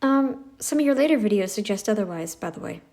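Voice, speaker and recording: A woman's voice: mid-range voice, lively intonation, quick pace, warm tone. A woman giving sarcastic reaction commentary in a blunt, mocking, scornful way, recorded on a phone mic.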